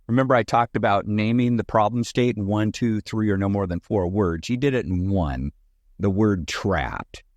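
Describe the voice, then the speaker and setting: A man guesting on a podcast, telling an animated anecdote in a conversational way. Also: on the low side, moderate pace, dry recording. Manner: animated anecdote teller who acts out both sides. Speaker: podcast guest, sales consultant. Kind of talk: conversational storytelling.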